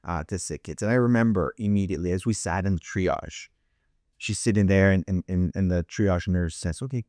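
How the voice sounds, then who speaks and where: A man's voice: sits low, moderate pace, a little mellow, no echo, clean studio sound. A middle-aged man hosting an interview, telling a family story with many restarts and acted-out voices. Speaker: host.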